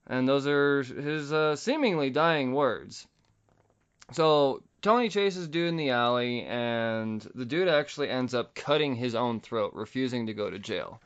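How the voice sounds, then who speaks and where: A man hosting a podcast, casually recapping a comic book with profanity and quick voice impressions. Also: mid-range voice, animated, clear, resonant tone, muffled recording. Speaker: podcast host.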